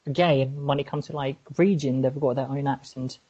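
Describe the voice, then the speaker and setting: A low-voiced woman with a husky edge and a learned British RP accent, talking earnestly on a casual podcast. She pauses to hunt for the right words. The recording sounds a little muffled and lo-fi. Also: steady tone, mellow. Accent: contemporary British RP, learned. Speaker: co-host. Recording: slightly muffled, lo-fi.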